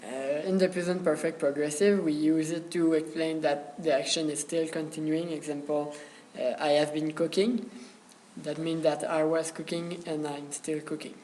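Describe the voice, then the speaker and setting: A young man student presenting a grammar lesson, hesitant and pausing often on filler sounds. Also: a little high, flat delivery, a little mellow, poor audio.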